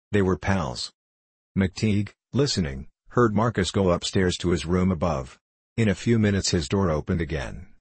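A man narrating a classic novel aloud in a steady, measured reading voice. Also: low-pitched, slightly rough, no echo. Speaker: audiobook reader.

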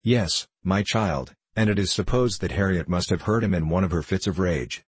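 A man reading an audiobook, voicing a patient mother who speaks in a measured, gently admonishing way. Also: deep voice, husky, dry recording. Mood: grave.

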